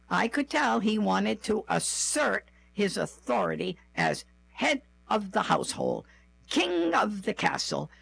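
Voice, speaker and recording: A woman reads her own memoir at an unhurried pace, dry and self-mocking. Her voice is heavily gravelly and husky. Her pitch moves a lot from line to line. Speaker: storyteller. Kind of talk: first-person memoir reading.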